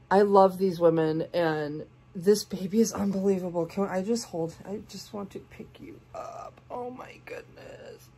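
A woman in her forties, sick, gushing over a doll in a casual unboxing vlog, with soft hushed asides. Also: fairly low pitch. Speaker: doll collector and channel host.

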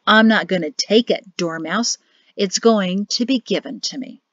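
A woman's voice: mid-range voice, unhurried, no room sound, lightly acted. Woman voicing a sneering cocky young lieutenant. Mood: mocking. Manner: mocking, scoffing, dismissive taunts. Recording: dull lo-fi dry audio.

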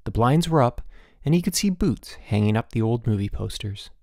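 A male audiobook narrator tells the story expressively, his pitch rising and falling in a lively way. His voice has a gravelly grain and sits close and dry. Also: normal speed, no room sound. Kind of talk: scripted narration.

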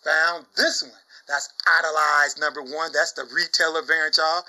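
A young man chatting casually about his comic book finds, exuberant, saying "y'all" often and bursting into loud shouts and laughs. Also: a little high, little pitch movement, moderate pace, hardly any pauses, low-quality recording. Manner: exuberant, says "y'all" a lot. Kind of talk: casual chat.

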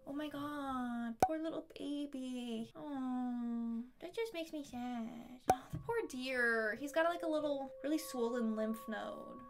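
A woman reacting in a casual vlog, expressive and giggly, squealing at what she sees, talking in her studio. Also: high voice, measured pace, very noisy. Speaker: YouTuber.

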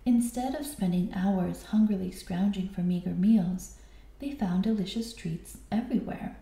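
A woman teacher reading a picture book aloud to a class, with expressive storytelling. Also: medium pitch, moderate pace, vocal fry, reverberant.

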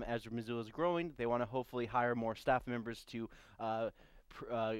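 A male morning show host runs through local news in a relaxed, casual way, peppered with ums and uhs. His voice sounds close and dry. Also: mid-range voice, no room sound. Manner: relaxed, with frequent uh and um.

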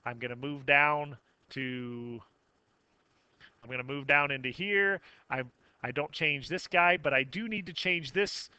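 A man teaching a math software tutorial, narrating each click step by step with casual self-corrections. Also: on the high side, unhurried, clear, resonant tone, no echo. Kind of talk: screen-recorded software tutorial.

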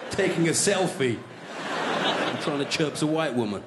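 A man doing a stand-up comedy set as host, delivering deadpan punchlines in front of a live studio audience. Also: on the high side, heavy background noise. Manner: deadpan punchlines, slips into silly put-on voices. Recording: live studio show, loud laughing audience. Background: crowd laughter.

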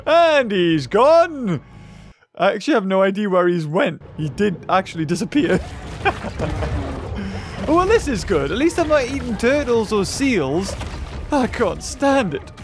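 Excitable, high-voiced male gamer. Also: unhurried. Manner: excitable, laughing, breaks into shouts. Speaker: gaming channel host. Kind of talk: excitable gameplay commentary. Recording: game music loud behind the voice.

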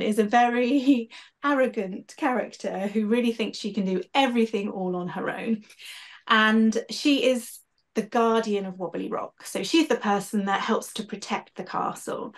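A woman, a children's author, chatting in an interview and reading from her book, laughing easily. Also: medium pitch.

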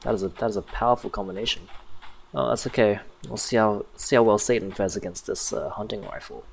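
A man with a lowish voice gives wry, jokey commentary as he plays through a horror game. A faint hiss of noise sits under him. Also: fairly quick, creaky, rough recording. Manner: sarcastic, jokey asides. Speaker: gaming youtuber.

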